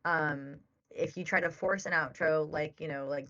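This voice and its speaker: A woman's voice: low-pitched, fairly even intonation, moderate pace, pushed and bright, dull audio. A woman co-hosting a podcast, chatting casually and giving advice with lots of "like"s. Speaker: podcast co-host.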